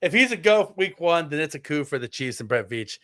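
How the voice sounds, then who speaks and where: A man's voice: a little high, big pitch swings, brisk, a bit bright, dry recording, studio quality. A man co-hosting a casual sports podcast, rambling with lots of fillers and restarts. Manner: rambling, filler-heavy, self-correcting. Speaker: podcast co-host.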